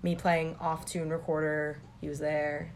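A woman's voice: low voice, flat delivery, a little slow, slight background noise. A young woman telling family stories in casual chat, rambling with many filler words.

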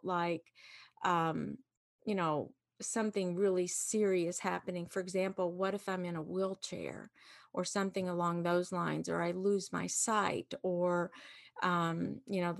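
A woman's voice: medium pitch, gravelly, no room sound, studio quality. Earnest woman talking about gratitude. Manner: earnest, reflective, repeats phrases for emphasis. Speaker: podcast guest. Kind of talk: faith-based conversational talk.

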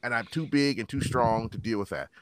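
A man in his thirties telling rough stories in casual chat, swearing and acting out quotes in a higher voice. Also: brisk, dry recording, studio quality. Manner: animated storyteller, swearing, acts out quotes in higher voice.

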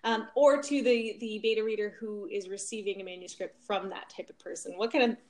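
A woman's voice: mid-range voice, fairly even intonation, a little fast. A woman co-hosting a writing podcast, speaking thoughtfully and often restarting her sentences. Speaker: podcast co-host. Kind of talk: casual podcast discussion.

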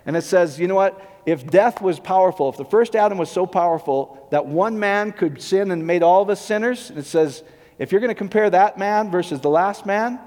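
A man with a fairly high voice delivers a loose, conversational sermon as pastor, repeatedly checking in with the congregation with rhetorical questions. His words ring out with a long reverb, as if from a large church sanctuary. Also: fairly quick, darkish tone.

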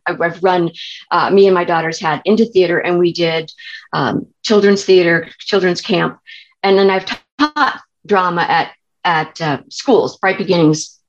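A woman's voice: on the low side, highs cut off. A woman from California, a theater director and actress, telling stories in a chatty way with many restarts and fillers. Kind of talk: interview storytelling.

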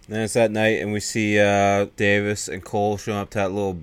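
A man's voice: on the low side, steady tone, quick pace, few pauses, a bit bright, smooth. A man hosting a podcast, casually recapping a film in a rambling, profane way. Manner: rambling, profane, acts out the characters' lines. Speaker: podcast host reviewing a film.

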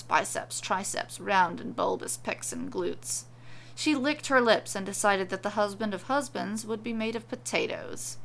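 A woman narrating a comic storybook tale with a deadpan, wry delivery. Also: mid-range voice, vocal fry.

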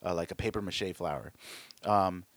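A man's voice: deep voice, fairly quick, no room sound. A man telling a story in casual chat, swearing freely and acting out what people said. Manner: animated, profane storyteller who acts out quotes; frequent restarts and fillers.

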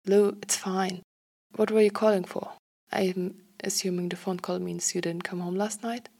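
Woman voicing a gentle, just-woken young man. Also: medium pitch, flat delivery, normal speed, lightly acted.

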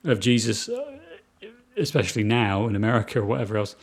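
A man's voice: on the low side, very animated, fairly quick. A British man chatting about films as a podcast co-host, enthusiastic and rambling. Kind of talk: casual film review chat.

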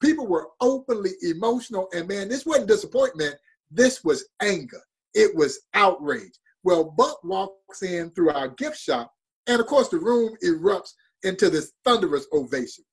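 A man's voice: high voice, expressive, moderate pace, husky, rough recording. A man telling a story with passion and drama as a guest on a talk show. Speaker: baseball museum guest. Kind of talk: storytelling interview.

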